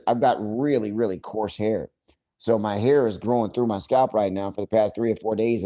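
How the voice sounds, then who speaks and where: A man's voice: lowish voice, warm tone. A man hosting a casual livestream, talking loosely and profanely, joking, and greeting viewers by name. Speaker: livestream host.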